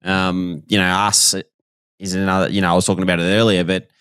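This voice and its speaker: A man's voice: low voice, brisk, smooth, no echo. Laid-back Australian man, dry close sound. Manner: relaxed, laughing, matey. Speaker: podcast co-host and footballer. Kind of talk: casual chat.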